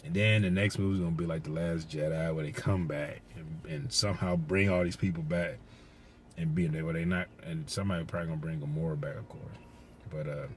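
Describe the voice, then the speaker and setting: Deep-voiced man rambling through a movie recap. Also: a little fast, slight background noise. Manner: rambling, profane, excitable retelling. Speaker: movie reviewer. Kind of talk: casual spoiler recap.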